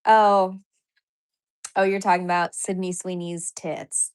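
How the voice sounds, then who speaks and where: A woman's voice: on the low side, level tone, slow, clean tone. A woman hosting a casual live stream, chatting loosely with viewers, reading their comments aloud and laughing often. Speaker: livestream host.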